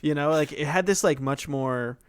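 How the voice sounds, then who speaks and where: A young man co-hosts a podcast, chatting casually in a voice on the high side that sounds clear and resonant at a normal speed. He rambles, leans on lots of fillers, curses, and slips into goofy voices.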